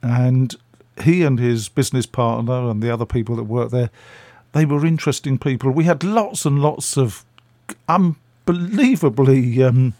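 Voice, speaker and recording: A man's voice: medium pitch, moderate pace, mellow, no echo. An older man, a radio guest telling chatty, self-deprecating stories and acting out the voices. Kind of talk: anecdotal storytelling.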